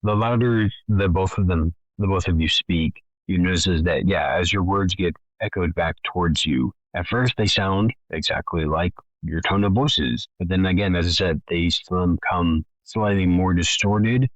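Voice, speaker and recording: Deep-voiced game master narrating. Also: male voice, unhurried, hardly any pauses, no room sound, lo-fi sound. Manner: meandering, descriptive narration with asides.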